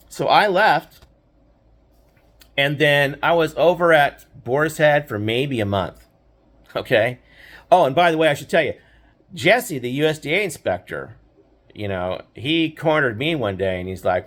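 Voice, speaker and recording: A man's voice: fairly high pitch, expressive, unhurried, a bit bright. An older man telling a story from his own life in a casual, rambling way, indignant at times and full of fillers and restarts. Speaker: storyteller recounting his past.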